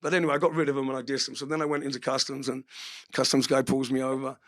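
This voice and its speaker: A man's voice: medium pitch, flat delivery, very fast. A man, an interview guest telling stories casually, swearing freely and laughing as he talks. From England. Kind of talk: casual storytelling.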